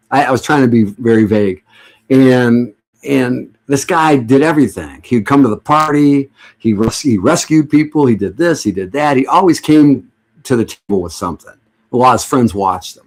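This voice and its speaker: A man's voice: medium pitch, lively intonation, moderate pace, a little mellow. A middle-aged man chatting casually to his stream viewers at home, sarcastic and joking, rambling with many restarts. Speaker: livestream host.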